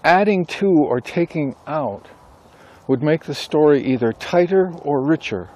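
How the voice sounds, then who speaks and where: A man who writes books and teaches a class, talking casually and thinking aloud with pauses and self-corrections. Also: fairly high pitch, expressive, darkish tone. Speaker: author and instructor. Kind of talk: casual rambling monologue.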